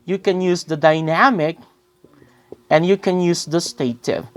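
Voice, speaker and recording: A woman's voice: fairly low pitch, a little slow, no echo. A young woman teaching English grammar, asking her listeners quiz-like questions and calling them guys. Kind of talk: recorded grammar lesson.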